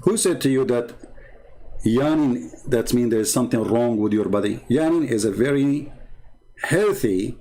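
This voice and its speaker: A man's voice: medium pitch, moderate pace, mellow. A man hosting an online commentary show, speaking in a mocking, argumentative way. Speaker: host.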